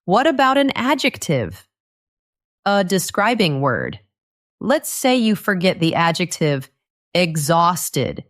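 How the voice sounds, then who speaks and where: A woman giving a scripted English lesson in short, simple sentences, repeating key phrases as she teaches. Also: sits low.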